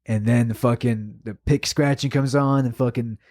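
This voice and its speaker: A man co-hosting a podcast, telling a story in casual chat, emotional and animated, swearing a lot. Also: medium pitch, moderate pace. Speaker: podcast co-host.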